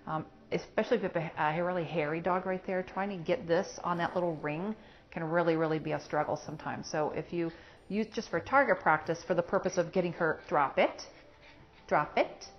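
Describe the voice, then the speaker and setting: A woman's voice: lowish voice, steady tone, fairly quick, dull audio. A woman dog trainer explaining steps in a practical way while working with a puppy at home. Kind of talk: hands-on training lesson.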